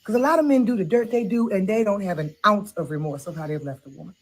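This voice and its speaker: A woman's voice: mid-range voice, fast talker, close to an everyday voice, low-quality recording. A blunt, preachy middle-aged woman hands out sassy advice in a comedy sketch, as a woman plays her. She talks about faith and forgiveness with plenty of laughing asides. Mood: heartfelt advice.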